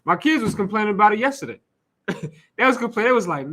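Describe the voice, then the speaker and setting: A man's voice: high voice, big pitch swings, quick pace, a bit bright. A man leading an informal sermon in a casual, conversational way, throwing out rhetorical questions, asides and the odd curse word. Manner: laughs and asides to the room. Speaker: teacher leading a scripture class.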